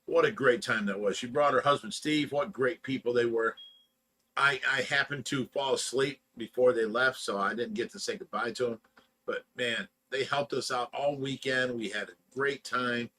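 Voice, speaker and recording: Bright-voiced man telling rambling stories. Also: mid-range voice, moderate pace. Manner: rambling, laughs through his own stories. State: tired from lack of sleep. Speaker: livestream host. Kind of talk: casual storytelling chat.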